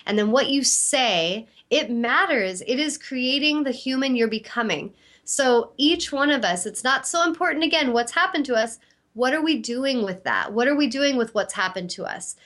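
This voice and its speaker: A woman's voice: a little high, fairly bright tone. A middle-aged woman, host and intuitive healer, giving an earnest, encouraging self-help talk and acting out inner dialogue.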